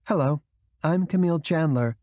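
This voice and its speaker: A man's voice: on the high side, normal speed, a little mellow, no echo, highs cut off, voice pushed up, lightly acted. A man doing a polite young woman. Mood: courteous. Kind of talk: audiobook character reading.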